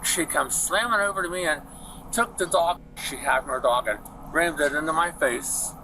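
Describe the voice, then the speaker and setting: Man, 70s, rambling, chatty, slightly high voice, outdoor body-cam, background noise. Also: normal speed. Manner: chatty, meandering, repeats himself. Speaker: witness talking to police. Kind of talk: rambling storytelling. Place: outdoors on a street. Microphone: police body camera.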